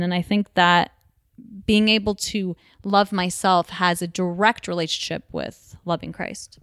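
A woman's voice: fairly low pitch, little pitch movement, a little slow, a bit bright, clear, resonant tone, no room sound, clean studio sound. A woman in her thirties talking earnestly as an interview guest, with many restarts and rambling sentences. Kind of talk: casual conversation.

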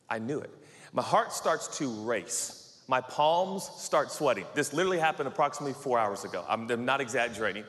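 A man in his forties preaching a sermon, telling a self-mocking story with sudden excited outbursts. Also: mid-range voice. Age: 40s. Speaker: pastor. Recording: long hall reverb.

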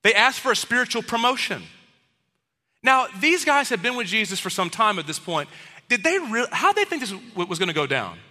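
Male pastor, higher-pitched and very bright, casual preaching, echoey hall. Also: sing-song, moderate pace. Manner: casual conversational preaching with playful acted-out quotes. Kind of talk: sermon. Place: church auditorium with live congregation.

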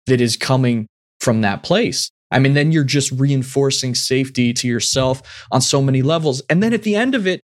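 A podcast host responds to a guest with affirming, reflective remarks. The thoughts come out long and flowing, and the voice keeps a middle pitch. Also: lively intonation, normal speed. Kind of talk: casual conversational reflection.

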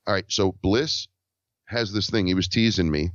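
Man guest, low voice, lively storyteller who acts out dialogue, dry and dull lo-fi sound. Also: moderate pace, dry recording. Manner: animated, acts out quoted dialogue. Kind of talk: casual storytelling.

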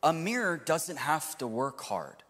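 A man in his thirties preaching a sermon to a live congregation, swinging from loud to hushed. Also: fairly high pitch, sing-song, a little slow, husky, big-room sound. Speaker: pastor. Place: church hall with live audience.

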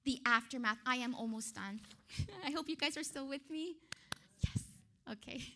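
Woman preaching, high bright voice, earnest, keeps fixing her own words. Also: moderate pace. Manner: earnest and emphatic, with frequent self-corrections and light laughs. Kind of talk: sermon.

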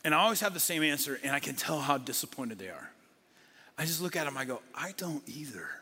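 A middle-aged man, a pastor preaching a sermon, who moves between lively talk and hushed whispers for emphasis. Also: fairly high pitch, quick pace, breathy edge. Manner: dynamic, drops to a whisper for emphasis. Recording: long hall reverb.

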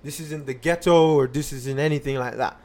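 A man's voice: medium pitch, steady tone, a little fast, darkish tone, close to an everyday voice. A man putting on the voice of a suspicious woman resident who keeps demanding to know whether he lives in her building. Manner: demanding, interrogating. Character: suspicious nosy woman resident questioning a stranger.

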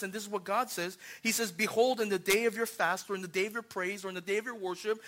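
A young man preaching a sermon, animated, acting out little scenes and swinging from hushed lines to loud ones. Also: sits high, fast, few pauses. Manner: animated, acts out voices, swings from hushed to shouting. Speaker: pastor.

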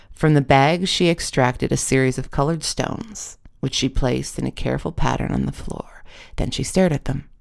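Wry audiobook narrator, gravelly tone. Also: mid-range voice, a little mellow. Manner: wry, self-deprecating. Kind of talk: comic memoir audiobook reading.

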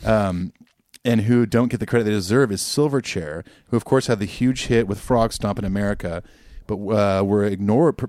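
A man's voice: lowish voice, darkish tone, dry recording, studio quality. A man co-hosting a podcast in casual chat, rambling with fillers and laughing often. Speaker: podcast co-host.

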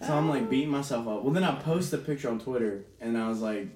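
A man's voice: mid-range voice, fast talker, hardly any pauses, a little mellow, reverberant, far from the mic. A young man telling a rowdy bar story in casual chat, laid-back and swearing, often laughing.

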